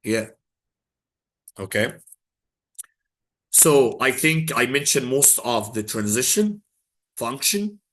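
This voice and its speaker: A male teacher runs an exam prep lesson in English. His tone is bright and forceful, and he slips Arabic phrases into his explanations. He repeats his key points to drive them home. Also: medium pitch, expressive, slow pace, pauses often, slight background noise. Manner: mixes Arabic phrases into English, emphatic repetition.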